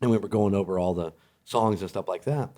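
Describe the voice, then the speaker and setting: A man with a fairly low voice, filling in as a podcast co-host. He chats in an easygoing way and laughs often. He gets animated when a story takes off. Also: brisk. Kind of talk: casual podcast chat.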